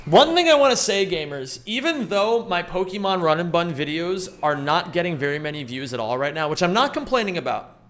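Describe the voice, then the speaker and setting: A man's voice: high voice, very animated, fairly quick, a bit bright. A man streaming a speedrun, chatting loosely with his viewers, greeting them by name and rambling between thoughts. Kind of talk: live-stream chat while speedrunning.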